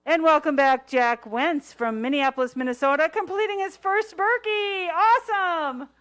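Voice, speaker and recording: A woman's voice: high-pitched, moderate pace, a bit bright. A woman announcing skiers at a race finish line, welcoming each finisher by name in an upbeat way. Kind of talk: live race-call announcing.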